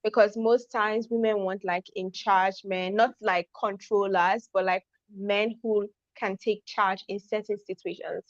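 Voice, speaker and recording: A woman host weighs in with measured, thoughtful opinions during a casual interview. Her voice sounds dry and slightly dull, like a lo-fi home setup. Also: mid-range voice, steady tone, no echo.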